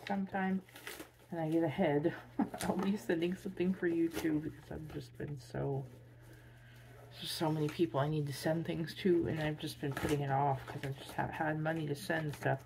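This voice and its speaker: A tired woman chatting casually while unboxing gifts, gushing with excitable squeals over cute things. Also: sits low, normal speed, creaky, noisy background. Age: adult with a son. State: tired, drained. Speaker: vlogger.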